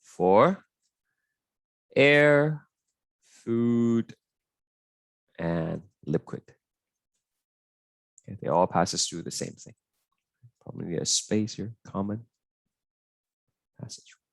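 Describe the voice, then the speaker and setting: A man's voice: lowish voice, takes it slowly, vocal fry, long pauses, no echo. A young man teaching an online biology tutorial in a chatty, hesitant way, full of fillers and "right?" checks with his students.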